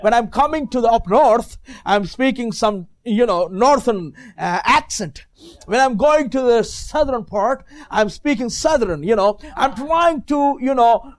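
A man with a non-native English accent preaching a sermon as a visiting minister, with many fillers and bursts of shouted praise. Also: very high-pitched, sing-song, a little slow. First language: not English.

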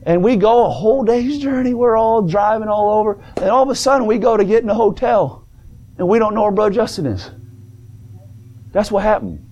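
A man preaching a sermon in a folksy manner, calling the congregation brother and sister and rising to shouts. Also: high-pitched. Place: church service.

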